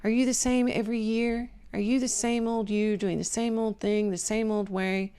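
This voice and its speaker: Slightly high in pitch yet dark and clean in tone, this podcast host's voice keeps a fairly even intonation at a moderate pace. She shares casual life advice conversationally, checking in with "right?" after her points and at times dropping to a whisper.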